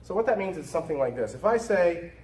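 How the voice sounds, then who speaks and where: A man teaching a logic class in an emphatic style, repeating his warnings and punching key words, then dropping to quiet asides. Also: on the high side, very animated, fast talker, echoey room, recorded from a distance, slight background noise, rough recording. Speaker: logic instructor. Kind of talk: recorded lecture.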